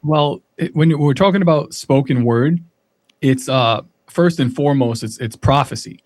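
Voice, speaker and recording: A man's voice: mid-range voice, normal speed, darkish tone, no echo. A man talking as a podcast guest in casual chat, rambling and reaching for words with many fillers.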